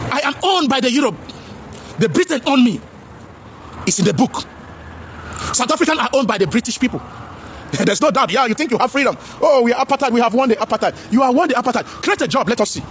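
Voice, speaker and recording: A man with a Nigerian accent giving a loud, preachy vlog commentary. He addresses viewers as his brothers, repeats himself and mixes English with Pidgin. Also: extremely high pitch, background noise.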